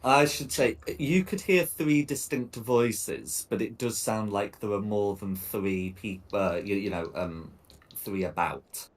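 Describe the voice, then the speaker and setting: A man with a fairly low voice runs a tabletop game as game master. He pauses often and fills gaps with "uh" and "um" as he narrates. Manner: hesitant, many fillers.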